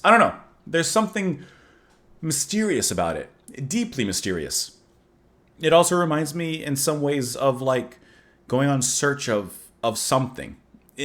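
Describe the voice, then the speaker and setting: A man's voice: medium pitch, a bit bright. A man hosting a music reaction, talking casually in a rambling, musing way and chuckling at himself.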